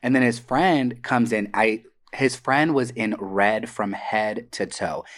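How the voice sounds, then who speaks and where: A man co-hosting a podcast, telling personal stories in a casual, profane and animated way, acting out what others said. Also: on the low side, slow. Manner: animated, profane, acts out quoted voices. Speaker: podcast co-host. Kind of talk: casual storytelling. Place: Atlanta area.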